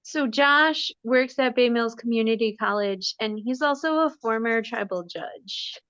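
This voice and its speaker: Woman, host, slow and unhurried, slightly high voice, muffled distant recording. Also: a bit bright, dry recording. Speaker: podcast host. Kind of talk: casual chat. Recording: dull, distant sound.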